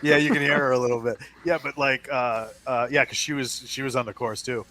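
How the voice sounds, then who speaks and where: A man's voice: medium pitch, steady tone, brisk, bright, forceful tone. Chuckling man telling stories. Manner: laughs often, many fillers, storyteller. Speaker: podcast panelist. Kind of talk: casual panel chat. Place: at home, wife in next room.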